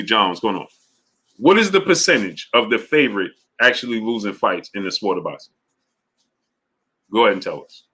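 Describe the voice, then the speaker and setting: A man hosting a live stream, greeting viewers in the chat and arguing with them in an exasperated, repetitive way. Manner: exasperated, repetitive, voice jumps high when arguing; drops low and quiet when giving up.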